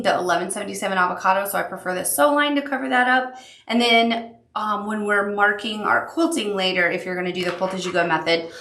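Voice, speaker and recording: A woman's voice: mid-range voice, vocal fry, pushed and bright. Woman, quilting instructor, encouraging step-by-step tutorial, echoey studio room. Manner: upbeat, encouraging, talks the viewer through each step.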